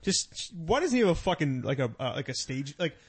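Foul-mouthed co-host, male, slightly high voice, ribbing his friends. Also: sing-song, fairly quick, husky. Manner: crude, swears freely, teasing. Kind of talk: casual banter.

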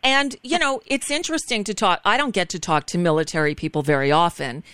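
A woman's voice: on the low side, brisk, a bit bright, clean tone, dry recording, studio quality. A woman guest hosting a radio talk show, chatting frankly and casually, often restarting her sentences.

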